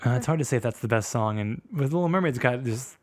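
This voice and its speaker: A man's voice: mid-range voice, expressive, quick pace, no echo, clean studio sound. A man co-hosting a casual music podcast, talking in a wry, joking way. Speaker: podcast co-host.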